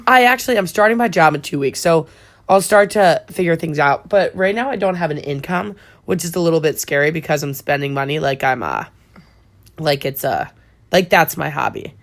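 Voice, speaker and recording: A woman's voice: low voice, fairly quick. A young woman co-hosting in casual chat, rambling and laughing often.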